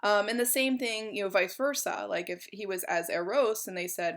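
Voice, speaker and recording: A woman's voice: medium pitch, moderate pace, few pauses, fairly bright tone. A woman giving a college art history lecture in a chatty, informal way, with many fillers.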